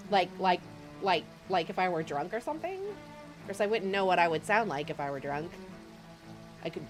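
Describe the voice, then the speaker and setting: A woman streamer chats with her viewers in a giggly, self-mocking way. Her voice swoops up and down with lots of animation. Game music runs behind her. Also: mid-range voice. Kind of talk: casual game-stream chat.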